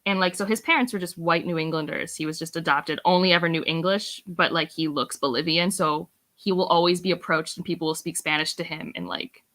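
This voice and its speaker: A woman in casual chat on a book club stream, wry and quick with asides, laughing often. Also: on the low side, fairly bright tone.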